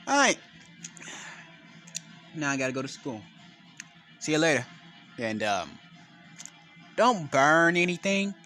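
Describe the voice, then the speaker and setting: A man's voice: a little high, big pitch swings, takes it slowly, long pauses, bright, forceful tone, faint music behind, heavily acted. A man doing a blunt, laid-back teen boy hero. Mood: casual. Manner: offhand, cursing.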